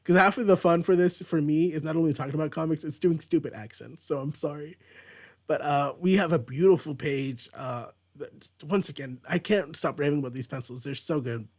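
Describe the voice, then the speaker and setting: A man's voice: a little high, brisk, a little mellow. A man hosting a casual page-by-page comic book recap, rambling with fillers and restarts. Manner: rambling, lots of likes and restarts. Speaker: comic book reviewer host.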